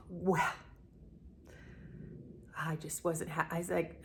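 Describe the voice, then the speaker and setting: Chatty woman, lowish voice. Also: level tone, slow, long pauses, slight background noise. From Southern United States. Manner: chatty, rambling, addresses viewers as y'all. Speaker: vlogger, channel host. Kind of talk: candid personal storytelling to camera.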